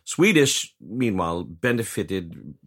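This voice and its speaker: A man's voice: low voice, very animated, takes it slowly, fairly bright tone, slightly rough. A middle-aged man from Tennessee, co-hosting a news podcast with joking asides. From Tennessee, USA. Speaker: podcast co-host.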